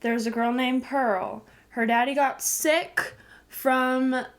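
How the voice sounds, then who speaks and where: A woman's voice: sits high, steady tone, takes it slowly. A young woman giving a casual, chatty film review on camera, giggling often and filling her talk with "like". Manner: giggly, lots of "like" fillers. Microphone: camcorder.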